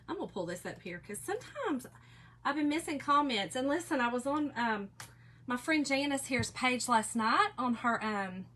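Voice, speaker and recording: A woman in her 40s hosts a live craft demo, chatting casually and answering viewer comments. Her voice is fairly high and a bit bright, with a breathy edge. She reads comments aloud and laughs often.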